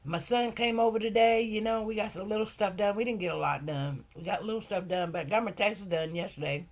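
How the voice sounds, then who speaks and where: Middle-aged lady on a livestream, chatty and preachy, storytelling, normal pitch. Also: a little fast. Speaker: livestream host. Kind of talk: casual livestream chat.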